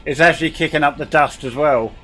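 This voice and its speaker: A man's voice: a little high, fast, a crowd in the background. A man chatting casually with friends while playing a game together. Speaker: fellow player. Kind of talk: casual chat while gaming.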